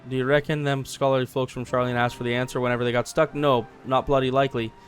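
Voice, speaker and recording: A man's voice: medium pitch, little pitch movement, fast talker, faint music behind, natural voice. A man voicing a surly old male blacksmith who talks bluntly and folksily with mild swearing. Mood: scornful.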